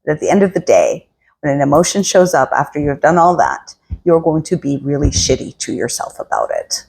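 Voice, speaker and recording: A woman's voice: low-pitched, very animated, brisk, vocal fry, darkish tone, a little hiss or hum. A woman working as a spiritual coach, giving a casual motivational talk and acting out inner voices in quotes.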